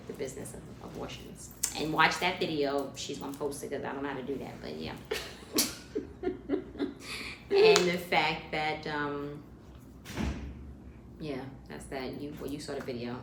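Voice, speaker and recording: A woman's voice: very deep voice, roomy sound, noisy background. A woman co-hosting a podcast, telling a comic story in casual chat and acting out the people in it. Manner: animated, acts out the people in her stories. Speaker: podcast co-host.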